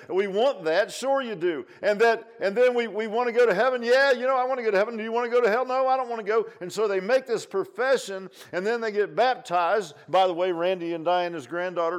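Male pastor with a high voice, delivering an impassioned sermon. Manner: impassioned, repetitive, rising to near shouts.

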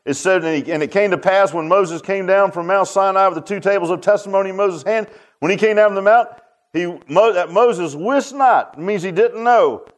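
A man preaching a sermon as pastor, folksy and emphatic, with frequent "huh?" asides and storytelling. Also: fairly high pitch.

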